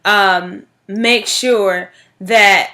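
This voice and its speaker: A woman's voice: medium pitch, fairly even intonation, very slow, sharp tone. A woman teacher giving an informal informative speech, talking in a chatty way and repeating words for emphasis. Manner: frequent "like" and "um" fillers.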